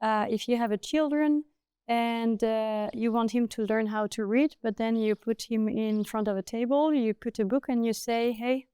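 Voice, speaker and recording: A woman with a French accent speaks in relaxed, conversational English, slowing down to search for her words. Her voice sits fairly high but has a mellow, smooth tone. The sound is close and dry. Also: no room sound. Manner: thoughtful, searching for words with many "uh" pauses. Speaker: horse trainer. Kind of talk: casual conversation.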